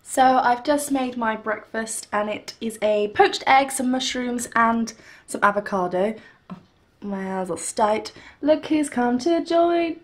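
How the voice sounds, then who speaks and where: A woman's voice: a little high, unhurried. A young woman, a singing teacher, chatting casually to the camera at home, rambling and laughing with lots of fillers. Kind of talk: casual vlog chat.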